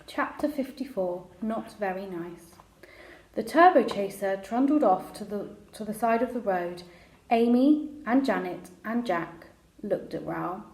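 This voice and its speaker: A woman reads a children's novel aloud in a relaxed, conversational manner, sometimes stumbling and restarting a word. Her voice is mid-pitched for a woman. The recording has a roomy echo. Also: measured pace. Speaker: storyteller.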